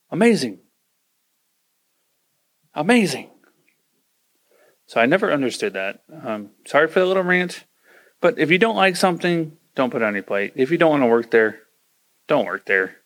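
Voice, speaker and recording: A man's voice: on the high side, big pitch swings, moderate pace, long pauses. A man hosting a podcast, ranting casually and acting out quoted voices as he gives advice. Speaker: podcast host.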